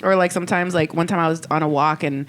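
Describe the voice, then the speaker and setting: Fast-talking woman podcaster. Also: low-pitched, steady tone. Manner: lots of fillers, story-driven. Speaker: podcast co-host. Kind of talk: casual chat.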